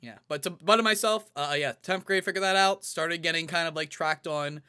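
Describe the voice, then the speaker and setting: A young man with a bright, forward voice, pitched a little above most men. He tells his own story in relaxed conversation and voices his past self in lively asides. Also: fairly quick, clean tone. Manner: animated, quotes himself in lively acted-out asides. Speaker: panel guest. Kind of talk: casual personal storytelling.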